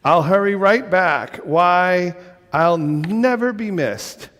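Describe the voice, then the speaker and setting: A man's voice: sits high, takes it slowly, fairly bright tone, big-room sound. A man reading a storybook aloud, voicing a lazy, pushy female bird in a coaxing sing-song.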